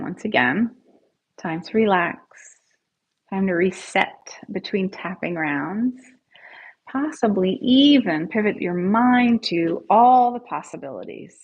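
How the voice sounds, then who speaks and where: A woman leads a live guided tapping session, cheering on her viewers and reading out their scores. Her voice is husky and a little breathy, and she speaks at a middling pitch. The sound is dull and lo-fi, like a home livestream. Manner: encouraging, calls out viewers' scores; has listeners repeat affirmations after her. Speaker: tapping coach, livestream host.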